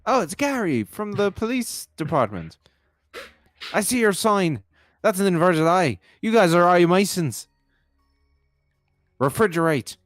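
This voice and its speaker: A man's voice: high voice, very animated, unhurried, long pauses, soft background music, pitched above the performer's own voice. A man voicing a bumbling, self-important police officer, reading game dialogue with indignant bluster. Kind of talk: game dialogue read aloud.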